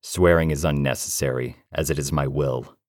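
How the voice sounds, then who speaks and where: A man voicing an inhuman spirit bound to a tape player, speaking slowly, coldly and commandingly. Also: rumbling low, steady tone, a little mellow, no echo, clean studio sound.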